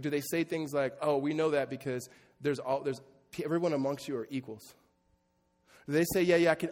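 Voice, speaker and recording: A middle-aged man preaching a sermon as pastor, conversational and joking with his congregation. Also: fairly high pitch. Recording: long reverb of a large hall.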